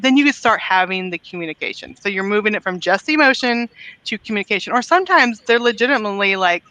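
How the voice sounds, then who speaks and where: Bright-voiced woman guest author. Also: mid-range voice, animated, quick pace, no room sound, poor audio. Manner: earnest, explanatory, laughs easily. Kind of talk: conversational interview.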